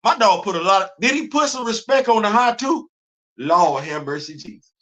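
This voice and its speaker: Animated high-voiced male comics host. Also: moderate pace. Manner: animated, repetitive, exclaiming, laughing. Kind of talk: excited casual comic book talk. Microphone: live stream mic.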